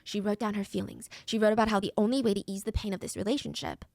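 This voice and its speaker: Fast-talking woman telling a true crime story. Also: medium pitch, steady tone, a little mellow, dry recording, studio quality. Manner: fast, dramatic, conversational retelling.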